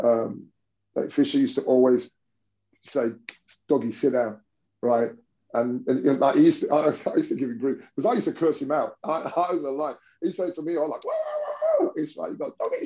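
A man's voice: mid-range voice, mellow, dull audio. A man, a basketball coach telling stories in an interview, rambling with many restarts. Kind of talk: conversational interview storytelling.

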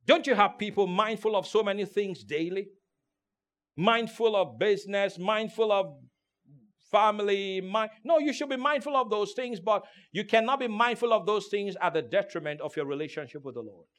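High-voiced emphatic male preacher. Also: moderate pace. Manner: emphatic, calls for congregation responses; swings between hushed and loud delivery. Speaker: pastor. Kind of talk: sermon. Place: church in Turkey.

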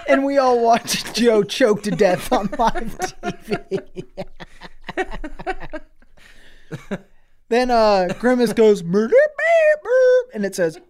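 A man's voice: very high voice, animated, extremely slow, long pauses, darkish tone, a little hiss or hum. A man co-hosting a podcast, escalating an absurd, crude improvised story with swearing and laughter. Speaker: podcast co-host.

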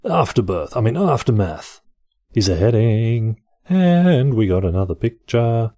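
Male host reading articles aloud with wry offhand jokes; deep, dark voice recorded dry and close. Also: big pitch swings, unhurried, no echo. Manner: dry, wry, mildly profane commentary. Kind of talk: casual reading with offhand comedic asides.

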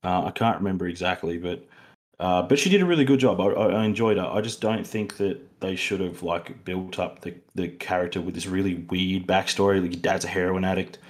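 A man's voice: sits low, brisk. A young Australian man co-hosting a casual film review podcast, rambling with many fillers and restarts. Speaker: podcast co-host.

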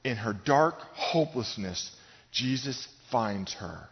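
Slowly and expressively, a middle-aged pastor with a mid-range voice delivers a sermon in a large gym used for church services. He addresses his congregation directly and emphatically, and the audio is dull with a long hall reverb.

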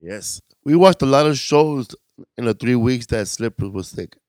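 A man's voice: medium pitch, moderate pace, a little mellow, clear, resonant tone, no echo. A man co-hosting a podcast, a comedian in casual chat who throws in short playful remarks.

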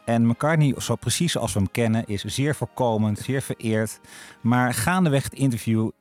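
A man presenting on the radio in a relaxed, chatty way, with frequent filler pauses. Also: medium pitch, soft background music. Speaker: radio host.

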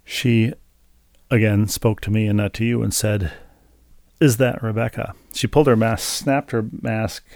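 A man's voice: lowish voice, steady tone, normal speed, darkish tone, no echo. A middle-aged man co-hosting a podcast, telling a story in casual chat with dry, wry humor. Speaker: podcast co-host.

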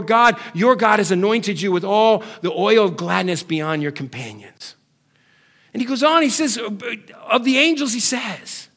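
A middle-aged man preaching a sermon, building to emphatic swells and then dropping low. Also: a bit bright. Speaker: pastor.

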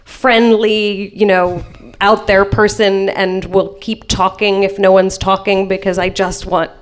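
A woman's voice: mid-range voice, little pitch movement, a little slow. A woman from the United States, a guest on a live panel, talking in a chatty way with laughs between phrases.

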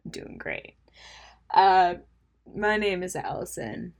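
A woman's voice: on the low side, very animated, slow pace, creaky. A young woman hosting a casual solo podcast, rambling and self-mocking, laughing at her own jokes and dropping into mumbled asides. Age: young adult. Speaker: podcast host.

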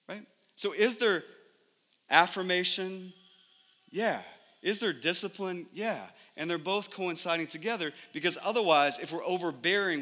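A man in his thirties preaching a sermon as pastor, animated and conversational, acting out little scenes at home. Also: sits high. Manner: animated, acts out scenes in lively voices. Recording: long hall reverb.

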